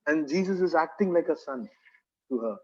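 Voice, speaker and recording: High husky Kerala-accented pastor. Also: male voice, animated, normal speed, dark tone. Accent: Kerala English. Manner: earnest, repeating phrases, rhetorical tag questions. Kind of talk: sermon. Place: church. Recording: dull lo-fi recording.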